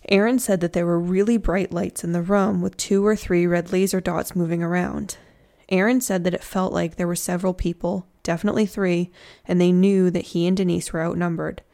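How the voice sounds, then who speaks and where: A woman's voice: lowish voice, level tone, fairly quick, warm tone. A woman telling a true crime story in a casual, chatty way, with slangy joking asides.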